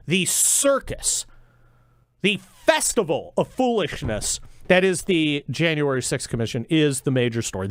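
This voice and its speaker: Middle-aged male radio host, animated and sarcastic, dry studio sound. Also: high voice, no room sound. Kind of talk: talk radio monologue.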